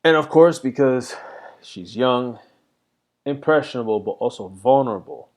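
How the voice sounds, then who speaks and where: A man's voice: medium pitch, expressive, normal speed. A middle-aged man reflecting candidly in a rambling casual monologue, full of fillers. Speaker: vlogger.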